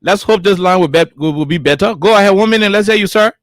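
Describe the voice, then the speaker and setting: Man hosting call-in radio, high voice, dry sound, quick prompts. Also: no room sound. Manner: brisk, repeatedly prompting callers to go ahead.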